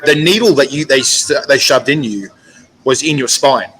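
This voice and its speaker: A man's voice: medium pitch, lively intonation, moderate pace, fairly bright tone, husky, poor audio. A man hosting an interview, chatty and chummy, laughing often as he asks questions. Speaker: host. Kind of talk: casual interview chat.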